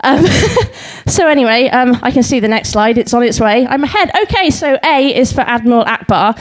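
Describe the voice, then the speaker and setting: Young woman on stage, nervous-giggly, self-deprecating, fairly high voice, reciting silly verse. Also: expressive, normal speed, low-quality recording. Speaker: speaker at a live talk event. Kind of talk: comic talk reciting limericks. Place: pub venue before a live audience.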